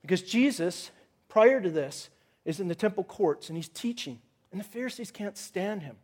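A man preaching a sermon, opening with a lively personal story and acting out his own cries. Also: high-pitched, normal speed. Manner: animated storytelling, acts out his own shouting. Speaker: pastor.

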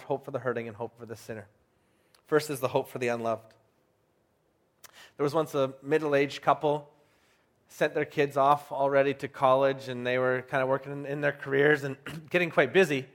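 Male pastor, slightly high voice, chatty storytelling sermon, leans on key phrases slowly. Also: fairly bright tone. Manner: storytelling, slows down to stress key words; conversational with filler restarts.

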